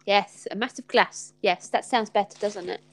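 A woman hosting a casual live stream from home, chatty and giggly and quick to poke fun at herself. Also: medium pitch, creaky, background noise. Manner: chatty, giggly, self-mocking. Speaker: host.

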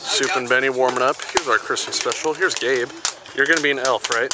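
A man's voice: medium pitch, fairly even intonation. Upbeat man vlogging at a ballfield. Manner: upbeat, asks teammates quick questions. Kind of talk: casual vlog chat. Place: outdoors at a softball field. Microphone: handheld camera. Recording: noisy outdoor camera audio.

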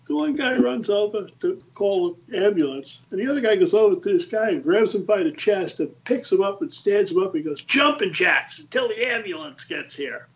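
A man in his sixties, a podcast guest, telling lively anecdotes in a casual storytelling style. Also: sits high, a little fast, few pauses, lo-fi sound. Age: 60s. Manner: lively anecdotes, acts out the quoted voices.

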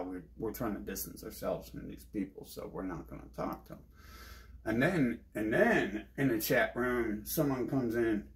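Male streamer, gravelly voice, swings up and down in pitch, swears constantly, rambles restlessly. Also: darkish tone. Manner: heavy swearing, restless, jumps between topics. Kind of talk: agitated rambling monologue.

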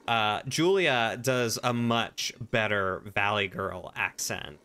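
A man's voice: fairly low pitch, slow pace, few pauses, bright, forceful tone, smooth. A man streaming a game live, chatting and rambling as he answers viewers on a desk mic. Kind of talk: casual live-stream chat while gaming.

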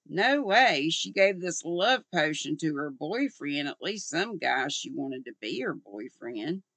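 An older woman reading aloud as a sassy, quick-witted young woman sleuth, in a plain storybook voice. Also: low-pitched, sing-song, a bit bright, breathy edge, no room sound, full character voice.

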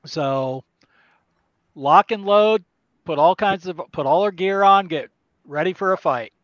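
Higher-voiced male player on a dull mic. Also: a bit bright, dry recording. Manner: questioning, quick to agree. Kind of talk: casual tabletop game chat.

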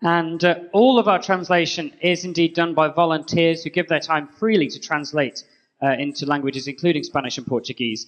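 A man co-hosting a live conference roundup, joking in a deadpan way. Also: fairly high pitch, normal speed, rough recording. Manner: playful, deadpan jokes. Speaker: co-host.

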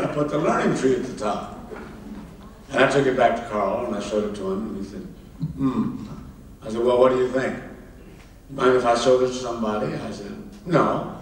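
An older man from Kansas, a film director and author, tells anecdotes on stage in a halting way, repeating words and acting out the people in his dialogue. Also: lowish voice. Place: large hall at a public event. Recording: echoey hall, distant mic, faint noise.

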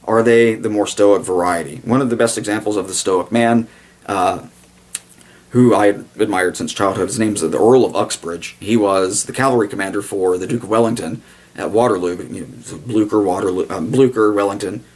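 A man's voice: on the low side, normal speed, a little mellow. A man giving a blunt, digressive video commentary, with sarcastic asides and sudden mock voices for the people he quotes. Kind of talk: casual commentary monologue.

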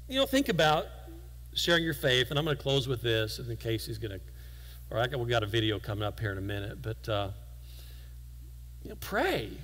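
Bright-voiced man preaching in a hall. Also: medium pitch. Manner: conversational storytelling with self-deprecating humor. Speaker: guest preacher. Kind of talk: sermon. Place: church sanctuary.

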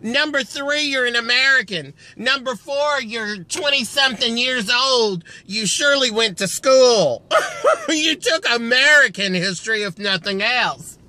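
A man tells a rambling story to a phone camera outdoors at a filling station, chatty and theatrical. He is cold and keeps clearing a frog in his throat. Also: extremely high pitch, a little slow, few pauses, dry recording. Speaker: vlogger telling a story. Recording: loud wind noise on an outdoor mic.

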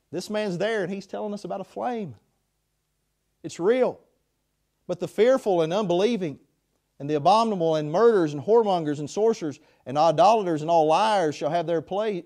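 A man preaching a sermon in a chapel, passionate, swinging between loud pleas and hushed passages. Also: sits high.

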